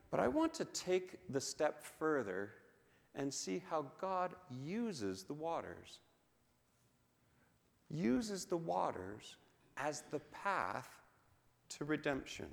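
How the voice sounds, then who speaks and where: Man preaching slowly in an echoing church. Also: mid-range voice. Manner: animated storytelling, acting out voices of crowds. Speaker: pastor. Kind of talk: sermon. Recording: long reverb of a church hall.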